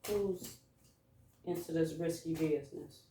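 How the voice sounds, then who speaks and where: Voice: mid-range voice, fairly even intonation, unhurried, far from the mic, very noisy. A tarot reader casually musing through a card reading for a collective audience, speaking in an informal, loose way. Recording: echoey room, voice away from mic.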